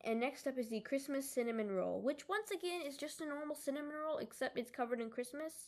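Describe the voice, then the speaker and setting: A woman's voice: high-pitched, animated, quick pace, a crowd in the background. Chatty young woman co-hosting a podcast. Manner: chatty, lists items with frequent "like". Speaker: podcast co-host. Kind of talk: casual chat.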